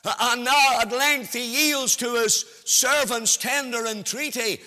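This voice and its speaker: High, bright-voiced man preaching slowly. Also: steady tone, in a large hall. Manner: measured, emphatic preaching with sing-song rises and drawn-out phrases. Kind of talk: sermon.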